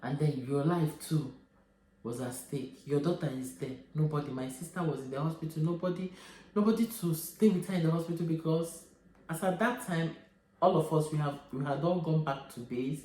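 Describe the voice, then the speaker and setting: A Nigerian woman in her thirties vlogging about a painful family ordeal, halting and repeating herself as she fights back tears. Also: sits low, warm tone, echoey room, low-quality recording. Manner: tearful, repetitive, halting. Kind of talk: emotional personal vlog.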